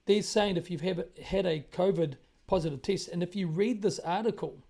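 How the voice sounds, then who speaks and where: A man's voice: high-pitched, normal speed, gravelly, dark tone. A man with a New Zealand accent hosting his own commentary broadcast, speaking emphatically and repeating phrases for effect. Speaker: independent broadcaster, show host. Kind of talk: monologue commentary on current events.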